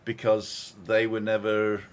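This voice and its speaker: A man's voice: fairly low pitch, monotone, takes it slowly, clear, resonant tone. A man from Britain co-hosting a live chat show, telling stories and reading viewer comments aloud in a chatty way. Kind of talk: casual live-stream chat.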